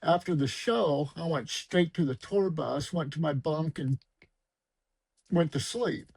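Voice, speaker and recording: A man's voice: on the high side, measured pace, vocal fry, a little mellow, husky, no echo, poor audio. A middle-aged man, a podcast guest, telling his life story casually with plenty of "you know" fillers. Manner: conversational, with fillers.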